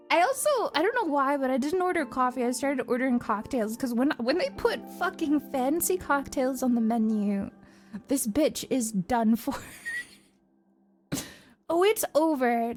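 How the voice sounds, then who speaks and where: High-voiced, giggly young woman streamer. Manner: animated, giggly storytelling with frequent swearing. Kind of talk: casual chat.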